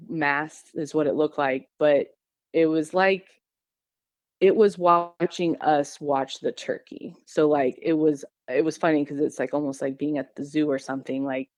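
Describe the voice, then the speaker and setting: A woman from Missouri, a podcast guest, tells about her encounter in a casual, rambling way, full of fillers and restarts. Her voice is low and somewhat dark, and the recording has no echo.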